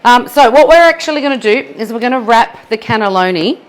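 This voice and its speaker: A woman's voice: a little high, lively intonation, fairly quick. A woman with an Australian accent leading a live cooking demonstration in a kitchen, chatty and self-deprecating. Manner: chatty and self-deprecating, laughs at her own mess. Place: home kitchen.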